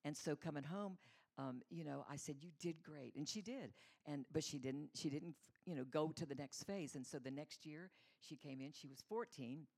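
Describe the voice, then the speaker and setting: A woman's voice: sits low, normal speed, vocal fry, dark tone. A middle-aged woman giving a conversational, storytelling sermon as a mother, acting out the voices she quotes. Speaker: church speaker, mother.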